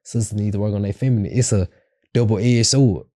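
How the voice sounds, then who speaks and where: On his podcast, a young man talks bluntly and in slang about relationships, voicing each side of a quarrel himself. He speaks a little fast in a warm voice on the low side, captured studio-clean without echo.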